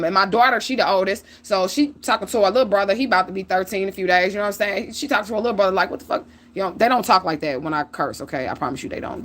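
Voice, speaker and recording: A middle-aged woman tells a story on her livestream. She talks in a casual, animated and profane way and speaks straight to her viewers. Her voice sits at an ordinary pitch for a woman. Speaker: livestream host.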